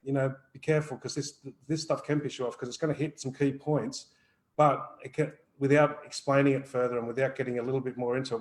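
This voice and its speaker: A man talking at a brisk, rushing pace in casual live chat. He is blunt and swears freely, and his voice sits in an ordinary middle pitch. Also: fairly even intonation, poor audio. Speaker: energy healer co-host.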